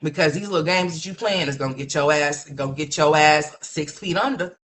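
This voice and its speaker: A woman's voice: deep voice, a little fast. A woman hosting a livestream, ranting in a blunt, mocking, profane gossip commentary full of rhetorical questions.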